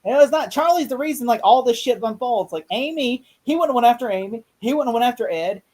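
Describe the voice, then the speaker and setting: Excitable rambling podcast host. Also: medium pitch, quick pace. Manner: excited, rambling retelling with frequent laughs. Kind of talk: casual movie review chat.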